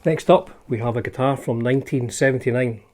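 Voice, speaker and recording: Mellow-voiced Scottish man, chatty and wry. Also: mid-range voice, fairly quick. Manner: chatty and wry, often hedging with "I think it is". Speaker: channel host showing his guitar collection. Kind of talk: casual show-and-tell vlog.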